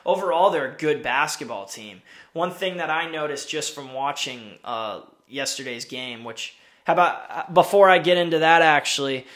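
A man's voice: fairly high pitch, moderate pace, fairly bright tone. Rambling man giving casual sports takes. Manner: rambling, opinionated, self-interrupting. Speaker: podcast host. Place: home in winter city.

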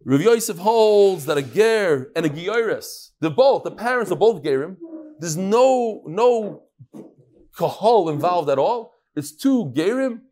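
A high-voiced man leads a Talmud class with a voice that swoops up and down. He teaches by firing rhetorical questions at his students and often breaks off and restarts his sentences. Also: measured pace. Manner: animated, fires rhetorical questions, frequent restarts.

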